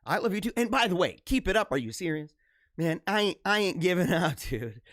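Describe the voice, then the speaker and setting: A man's voice: high-pitched, sing-song, a little fast, a bit bright, no room sound, clean studio sound. A man in his thirties hosting a live stream, reading viewer comments in fervent, slangy casual talk with lots of emphatic repetition.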